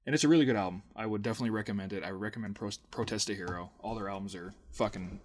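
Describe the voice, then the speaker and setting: A man's voice: fairly low pitch, rapid-fire. A young man co-hosting a podcast, easygoing and chatty, often trailing off with fillers and laughing. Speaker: podcast co-host. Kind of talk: casual chat.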